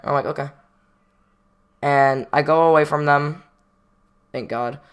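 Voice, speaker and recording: A man's voice: fairly high pitch, fairly even intonation, moderate pace, long pauses, smooth. Male vlogger, casual storytime, rambling, slangy, jokey, acts out quoted lines. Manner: rambling, slangy, jokes at his own expense.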